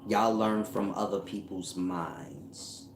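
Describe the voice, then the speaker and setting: Low, slow, and creaky, this man's voice sits in a roomy space with slight background noise. As a livestream host who styles himself a spiritual teacher, he goes through viewer comments, teasing and joking in a slangy, rambling way, with frequent laughter.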